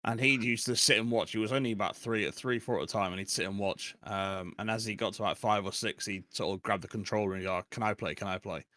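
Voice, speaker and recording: A man's voice: lowish voice, steady tone, quick pace, hardly any pauses, sharp tone, dry recording, studio quality. A man in his forties, chatting casually and laughing often as a podcast guest. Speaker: guest streamer.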